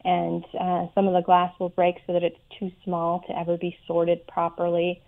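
Female radio guest, fairly low voice, measured explaining, tinny phone line. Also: monotone. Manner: explanatory, measured, with frequent ums. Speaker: guest, president of a recycling institute.

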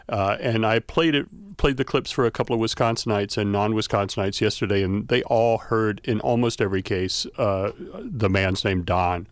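A man who is a university scholar of regional culture, giving measured, explanatory answers as a radio guest, with many fillers. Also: on the low side, no echo, clean studio sound.

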